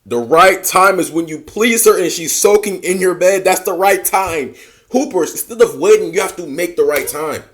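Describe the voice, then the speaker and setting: A man's voice: high voice, moderate pace, a bit bright. Blunt slangy man lecturing. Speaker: dating advice host reacting to a clip. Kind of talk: casual reaction commentary.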